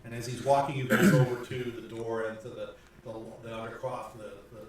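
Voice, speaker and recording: A man's voice: mid-range voice, steady tone, brisk. Male game master, echoey and distant. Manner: rambling narration with many fillers and restarts. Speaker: dungeon master. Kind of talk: narrating a tabletop game. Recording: echoey room from far off.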